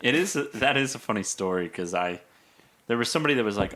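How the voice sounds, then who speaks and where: A man's voice: on the low side, fast. A man chatting on a podcast, telling stories animatedly and acting out what people said. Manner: animated storyteller, acts out quotes. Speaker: podcast guest. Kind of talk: casual chat.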